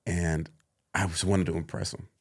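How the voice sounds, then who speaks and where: A man in his thirties, an actor guest on a podcast, telling animated stories, laughing often and acting out other people's lines. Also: normal speed, slightly rough. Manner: laughs often, acts out others in high voices. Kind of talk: animated storytelling.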